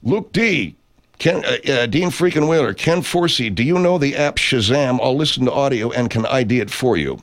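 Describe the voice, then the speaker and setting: A man's voice: mid-range voice, lively intonation, normal speed. A middle-aged man hosting a livestream, reading chat and rambling casually with plenty of profanity.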